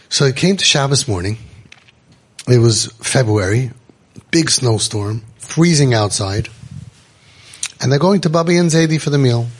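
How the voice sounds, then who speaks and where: A man hosting a parenting podcast, telling stories to parents in an animated way. He acts out the voices he quotes and drops Yiddish and Hebrew words into his talk. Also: mid-range voice, normal speed, long pauses, husky. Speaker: parenting coach and podcast host.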